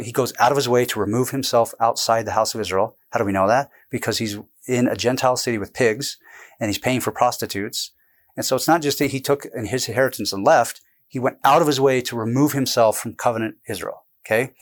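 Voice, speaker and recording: A man being interviewed about his book, explaining at length in a casual, animated way, jumping between points and restarting sentences. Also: mid-range voice. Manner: animated, digressive, quick bursts with restarts. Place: indoors with a camera close by.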